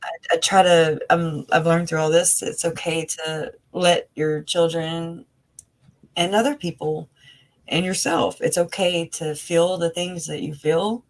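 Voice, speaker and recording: A woman's voice: on the low side, steady tone, a little slow, low-quality recording. A woman speaking as an interview guest on a video call, rambling and earnest, with many fillers and restarts. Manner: emotional, earnest. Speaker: interview guest, family member of the victims. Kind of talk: casual conversational interview.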